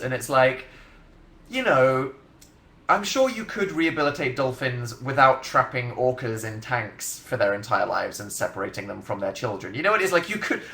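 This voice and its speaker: A man's voice: medium pitch, sharp tone, echoey room. A young man in his twenties chatting casually on a livestream, rambling and sardonic, laughing often as he reads out comments. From England. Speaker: livestream host. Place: bedroom livestream setup, indoors.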